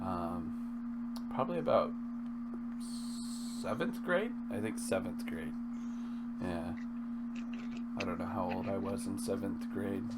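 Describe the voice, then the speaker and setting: Low-voiced American man, noisy recording. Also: takes it slowly, pauses often. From United States. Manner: joking, curious, laughs often. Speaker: podcast host. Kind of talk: casual chat.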